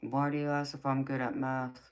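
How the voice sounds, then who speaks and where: Late at night, a tarot reader with a low, raspy voice runs a live stream, reading viewers' comments aloud and answering with sassy warmth while calling them baby. Her pitch barely moves, her speed is normal, and her mouth sounds a little dry from long talking.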